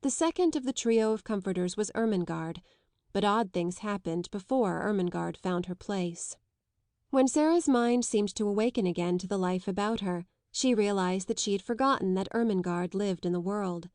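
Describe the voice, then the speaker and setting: Female narrator for a classic novel, even and measured, dry close recording. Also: mid-range voice, dry recording. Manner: measured, even literary reading. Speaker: audiobook narrator.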